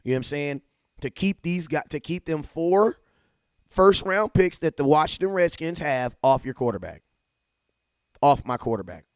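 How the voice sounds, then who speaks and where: A man's voice: fairly high pitch, lively intonation, moderate pace, clean tone, dry recording, clean studio sound. Hyped slangy young man streaming fan talk. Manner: hyped, slangy, talks straight to chat with shout-outs. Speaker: livestream sports talk host. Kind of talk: casual fan livestream chat. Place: home setup at a computer.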